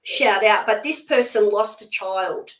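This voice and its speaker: A woman's voice: medium pitch, unhurried, a bit bright. A woman speaking as a spiritual medium guest in a casual conversation, blunt, emphatic and outspoken. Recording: echoey room sound.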